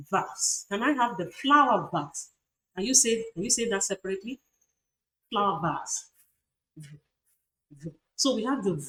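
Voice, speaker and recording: A woman lecturer with a Nigerian accent teaching phonetics, repeating example words aloud and asking her students rhetorical questions. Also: on the high side. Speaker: university lecturer. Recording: noisy lecture recording.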